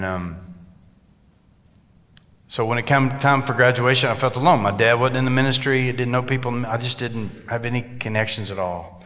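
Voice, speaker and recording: A pastor tells a story from the pulpit, acting out the people he quotes. His voice is bright and forceful. It rings with the long reverb of a large sanctuary. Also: lowish voice. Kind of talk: sermon storytelling.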